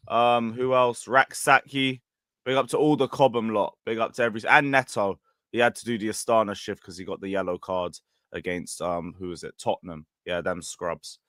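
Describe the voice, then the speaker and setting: A man chatting about football, upbeat and slangy, giving shout-outs. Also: mid-range voice, no echo, clean studio sound. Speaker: guest. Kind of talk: casual football banter.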